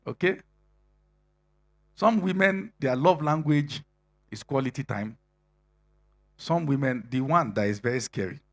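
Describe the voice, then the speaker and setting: A husky-voiced male preacher delivers a sermon to singles. He talks in a loose, conversational way and keeps laughing, then presses his points loudly. His voice sits at a middle pitch. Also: measured pace, pauses often, faint music behind. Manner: conversational preaching with frequent laughter and rising shouted emphasis.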